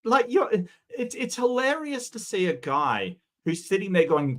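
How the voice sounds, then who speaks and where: A man's voice: high voice, expressive, normal speed, few pauses, fairly bright tone. A man giving sarcastic, mocking reaction commentary, often stumbling and restarting his sentences.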